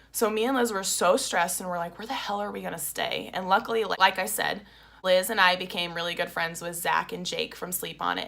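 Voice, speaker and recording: A woman's voice: on the low side, vocal fry, pushed and bright. A young woman telling a story in a casual vlog, chatty and openly emotional, with lots of "like". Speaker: vlogger.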